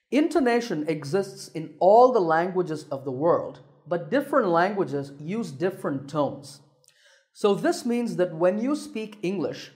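Guy teaching english pronunciation, bit higher voice, careful and clear, drags out the example words. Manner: clear, deliberate, stretches example words slowly. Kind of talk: scripted lesson narration.

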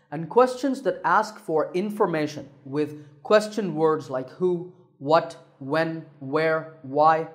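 Guy teaching english pronunciation, bit higher voice, careful and clear, drags out the example words. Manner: clear, deliberate, stretches example words slowly. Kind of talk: scripted lesson narration.

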